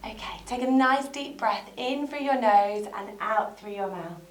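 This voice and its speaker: A young woman leads a children's yoga class in an unhurried, encouraging way, breaking into playful high sound effects. Her voice sits fairly high. The room is echoey, with soft music underneath. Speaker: kids yoga teacher.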